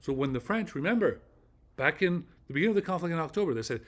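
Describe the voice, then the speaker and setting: Male vlogger, slightly high voice, loose rambling delivery, heavy on fillers and repeats. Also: animated, fast. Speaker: channel host. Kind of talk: casual vlog monologue.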